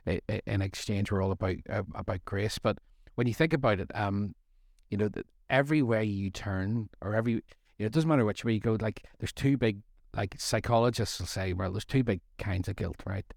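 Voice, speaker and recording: Rambling, jokey middle-aged man, low voice. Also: fairly quick, creaky, darkish tone, dry recording, clean studio sound. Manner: rambling and jokey, with self-deprecating asides. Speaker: co-host of a faith study series. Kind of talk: casual faith discussion.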